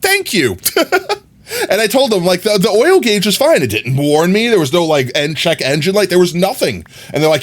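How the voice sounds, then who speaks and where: A man's voice: high-pitched, sing-song, moderate pace. A man streaming a game, chatting casually and telling a long rambling story with many fillers. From New York. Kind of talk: casual chat while gaming.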